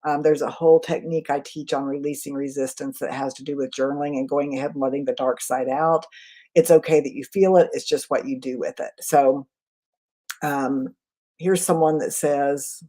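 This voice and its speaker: A woman communication trainer in a live webinar, answering chat questions in a quick, conversational way. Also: extremely low pitch, steady tone, warm tone. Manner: quick, conversational, self-aware.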